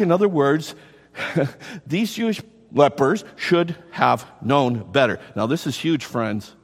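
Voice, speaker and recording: A middle-aged male pastor preaching a sermon in an animated way, repeating words and adding quick asides. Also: on the high side, long reverb tail.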